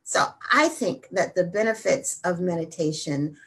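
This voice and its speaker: A woman hosting a wellness show, talking energetically and then slowing down to guide a simple meditation. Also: fairly low pitch, expressive, fairly bright tone, breathy edge. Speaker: wellness host.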